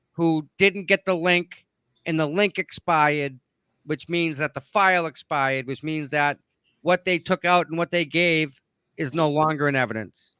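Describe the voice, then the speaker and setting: A man's voice: on the high side, smooth, no room sound. Emphatic man with a Boston accent. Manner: animated, emphatic, repeats points. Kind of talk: livestream discussion.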